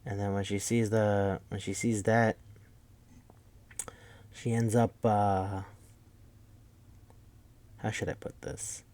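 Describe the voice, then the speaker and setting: A man casually recapping a movie plot, rambling, swearing, and acting out the characters' lines in quick bursts. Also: lowish voice, level tone, darkish tone. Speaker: podcast host.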